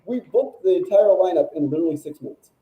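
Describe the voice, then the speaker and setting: A male music journalist, a guest on a talk show, telling stories in a casual, animated, rambling way that is full of "like". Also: high-pitched, quick pace, roomy sound, phone-quality sound. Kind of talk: casual storytelling chat.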